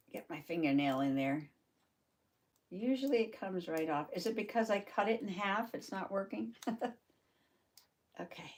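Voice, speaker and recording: A woman's voice: mid-range voice, a little mellow. Chatty woman crafting live. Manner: chatty, laughs often, talks to viewers by name. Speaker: journaling channel host. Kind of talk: casual live crafting chat.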